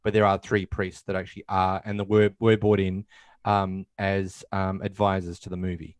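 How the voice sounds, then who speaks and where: A man's voice: sits low, little pitch movement, normal speed, clean tone, no room sound. A man co-hosting a casual film discussion, retelling scenes and acting out lines, with many fillers. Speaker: podcast co-host.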